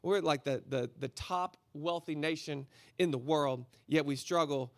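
A man giving a guest sermon in a casual, energetic, slangy storytelling way. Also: fairly high pitch, a little slow, no echo. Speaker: guest preacher. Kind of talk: conversational sermon.

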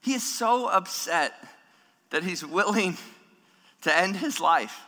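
Bright-voiced preacher in a reverberant church. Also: male voice, sits high, slow. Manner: animated preaching, acting out voices of people in the story. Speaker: pastor. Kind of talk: sermon. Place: church hall. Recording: long hall reverb.

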